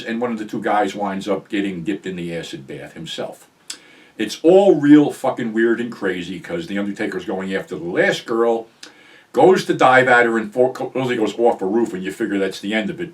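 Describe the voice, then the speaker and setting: Older guy rambling through a crude story, low voice jumping all over, kinda far from the mic. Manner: profane, rambling, animated storyteller. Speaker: show host. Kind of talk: casual storytelling monologue.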